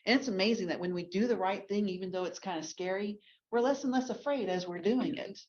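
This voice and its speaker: A woman's voice: mid-range voice, fast, a little mellow. A woman from Texas, teaching a ladies' Bible class in a chatty way full of restarts and asides. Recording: dull lo-fi recording.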